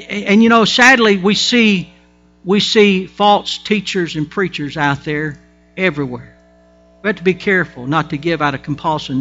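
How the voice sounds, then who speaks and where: Emphatic high-voiced pastor preaching. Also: male voice, bright, forceful tone. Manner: emphatic preaching with folksy asides and repeated restarts. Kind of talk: sermon.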